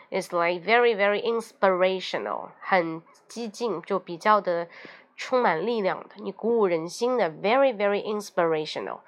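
A woman with a Mandarin Chinese accent hosting an English lesson show, explaining everyday phrases and acting out little example lines. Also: medium pitch. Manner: lively teaching with acted example phrases, mixing in Mandarin explanations. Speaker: host.

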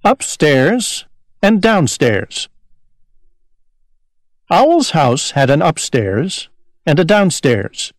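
A man reads a children's story aloud, slow and clear. His voice sits a touch high and moves lively through each sentence. The sound is close and dry. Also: dry recording. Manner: slow, clear, expressive read-aloud delivery. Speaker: narrator. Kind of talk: storybook reading.

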